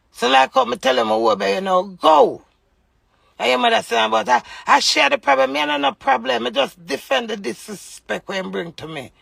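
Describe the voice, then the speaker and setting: Gravelly Jamaican woman ranting. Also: on the low side, a bit bright, dry recording. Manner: heated, scolding, addresses her husband directly. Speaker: vlogger. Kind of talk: angry live rant.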